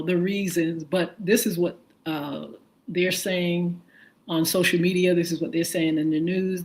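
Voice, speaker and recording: A woman's voice: lowish voice, low-quality recording. A woman hosting a live morning show, giving chatty, opinionated commentary on the news with many fillers and questions to her audience.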